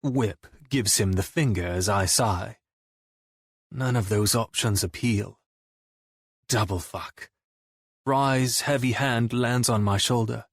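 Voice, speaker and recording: A man narrating a romance audiobook in the first person with a brooding, low-key delivery. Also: slow pace, husky, no echo, studio quality.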